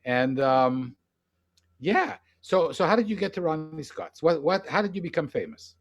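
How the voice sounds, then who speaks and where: A man's voice: on the high side, sing-song, normal speed. A man hosting a casual interview, asking eager questions and often restarting his sentences. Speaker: interview host.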